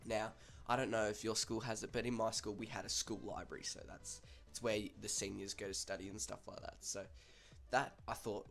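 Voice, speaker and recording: A man's voice: fairly low pitch, little pitch movement, a little fast, creaky, fairly bright tone, faint music behind. A young man with an Australian accent casually telling a school story, chatty and swearing freely.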